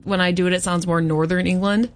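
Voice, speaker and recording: Bubbly radio co-hostess. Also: female voice, fairly low pitch, steady tone, no echo. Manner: bubbly, quick to laugh. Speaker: radio co-host. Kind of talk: casual radio banter. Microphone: studio microphone.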